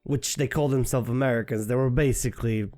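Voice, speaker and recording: A man's voice: medium pitch, fairly even intonation, brisk, warm tone, faint music behind. A young man co-hosting a podcast, reacting with teasing, wry remarks in casual chat. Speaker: podcast co-host.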